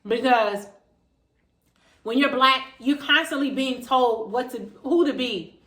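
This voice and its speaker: A woman from Maryland with a Washington D.C. area accent, talking casually and emphatically to camera with slangy, lively delivery. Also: sits high, slow, long pauses, echoey room. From Maryland, USA. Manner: animated, emphatic, slangy, quotes other voices. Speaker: vegan vlogger. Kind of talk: casual direct-to-camera talk.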